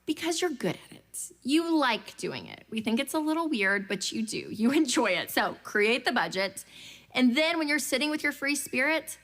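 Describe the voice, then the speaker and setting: A young adult woman giving a lively storytelling talk to a church audience about budgeting, acting out the voices she quotes. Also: high-pitched, moderate pace. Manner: animated, acts out quoted voices. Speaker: speaker at a church budgeting class.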